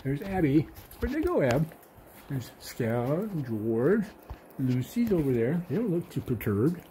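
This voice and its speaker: A man's voice: fairly high pitch, very animated, unhurried, dark tone, slight background noise. A man at home, counting aloud and then musing to himself as he searches the rooms.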